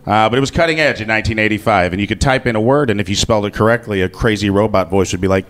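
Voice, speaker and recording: A man with a fairly low voice tells a funny story from his own life. He talks loosely and jokingly, and he swears without any hesitation. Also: quick pace. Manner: casual, joking, swears freely. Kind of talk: live comic personal storytelling.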